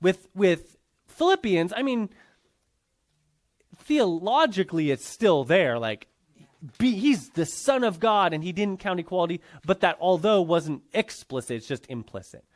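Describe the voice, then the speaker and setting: Guy teaching bible class, highish voice that jumps around a lot, chatty, keeps asking you with me. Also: very animated, measured pace. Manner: conversational, checks in with students often. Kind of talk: classroom lecture.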